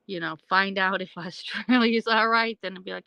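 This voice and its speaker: Female livestream host, casual chatty rambler answering chat; gravelly edge, dry close sound. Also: medium pitch, steady tone, brisk, hardly any pauses, pushed and bright, dry recording, low-quality recording. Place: home, at night.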